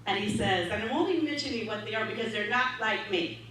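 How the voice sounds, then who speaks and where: A woman minister telling a story in her sermon, lively and laughing often as she acts out what people said. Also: mid-range voice, brisk. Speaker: minister giving a talk. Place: large hall of a spiritual center. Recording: echoey hall, distant mic, faint hum.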